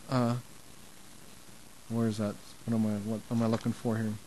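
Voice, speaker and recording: A man's voice: mid-range voice, animated, normal speed, pauses often, a little hiss or hum, rough recording. Impassioned man preaching an informal sermon. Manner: conversational and impassioned, with restarts and rising emphasis.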